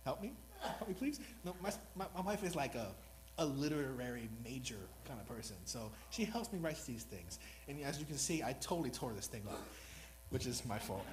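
A man's voice: mid-range voice, animated, a little fast, low-quality recording. A man preaching a sermon in an earnest, rambling, self-deprecating way, new to speaking before this congregation. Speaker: lay preacher.

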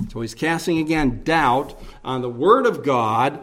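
A man preaching a verse-by-verse sermon, explaining the text slowly with emphatic repetition and rhetorical questions. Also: mid-range voice, animated, a bit bright. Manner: slow, deliberate teaching with emphatic repetition. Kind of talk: expository sermon.

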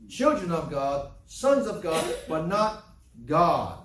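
A man's voice: fairly high pitch, sing-song, slow pace, recorded from a distance. A man preaching a sermon, emphatic and repetitive, firing rhetorical questions and reading scripture aloud. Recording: echoey room, voice from off-mic.

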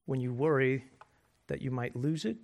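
A man preaching a sermon as pastor, conversational and joking, moving between quiet asides and loud emphasis. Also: mid-range voice, fairly even intonation, normal speed, vocal fry. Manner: conversational and self-deprecating humor.

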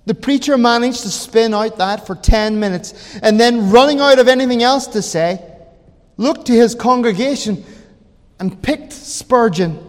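A high-voiced man preaching a sermon at a slow, deliberate pace. His delivery swings from hushed words to ringing emphasis, with a long reverb trailing behind him in the hall. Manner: slow, dramatic, swings between quiet and loud. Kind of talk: sermon storytelling.

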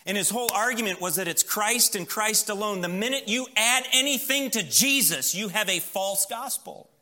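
A man's voice: high voice, moderate pace, bright, forceful tone. A man preaching a sermon in a church, building emphatic lists and acting out quoted voices in an anecdote. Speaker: pastor.

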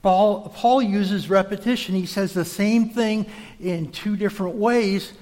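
A man with a high voice gives a measured teaching sermon, explaining step by step and sometimes restarting a word. His voice rings with a long reverb, as if in a large hall. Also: darkish tone. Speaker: preacher.

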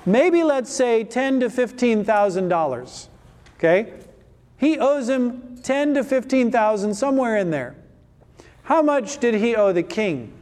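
A man with an unusually high voice delivers a sermon from the pulpit. He presses the congregation with question after question, climbing in emphasis. The sound rings with the long reverb of a church hall. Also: sing-song, a little slow, darkish tone. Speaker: pastor.

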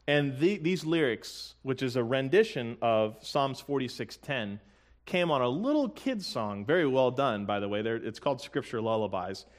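A man preaching a sermon in an earnest, conversational way, with joking asides and slowly sung hymn lines. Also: mid-range voice, lively intonation. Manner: sings hymn lyrics slowly. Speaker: pastor.

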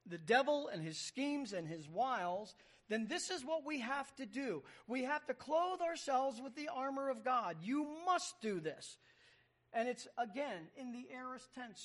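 A man's voice: very high voice, animated, moderate pace. A man preaching a sermon, explaining Greek words as he reads and stressing key words. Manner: emphatic, explains Greek word by word. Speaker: pastor.

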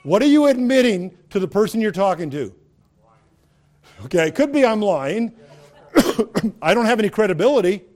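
High-voiced man preaching a sermon. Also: very animated, moderate pace, pauses often, darkish tone. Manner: conversational preaching with rhetorical questions, rising to emphatic peaks. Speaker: pastor.

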